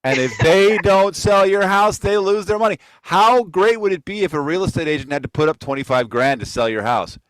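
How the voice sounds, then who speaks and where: A man's voice: high voice, expressive, a little fast, few pauses, fairly bright tone, no echo, rough recording. A man hosting a casual online real estate talk, making blunt, emphatic points. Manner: emphatic, preachy opinions. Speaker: podcast host.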